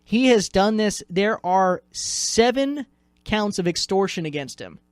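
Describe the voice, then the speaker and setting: A man's voice: high-pitched, expressive, a little slow, clean tone, dry recording. Male radio co-host, playful teasing chat, dry close mic. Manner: joking, teasing, lots of "like" and restarts. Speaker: radio news director, podcast co-host. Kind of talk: casual chat.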